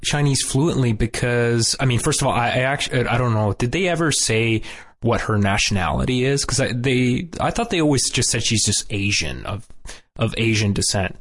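A man's voice: mid-range voice, lively intonation, moderate pace, fairly bright tone. A man co-hosting a casual podcast, summarizing a cartoon episode and reacting with disbelief. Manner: incredulous, summarizing plot then reacting. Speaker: podcast co-host. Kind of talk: casual chat recapping a cartoon.

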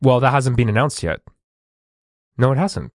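Man, recap host, measured, reads from notes, mid pitch, dry sound. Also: expressive, dry recording. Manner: measured, summarizes plot. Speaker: podcast co-host. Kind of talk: reading recap notes in casual chat.

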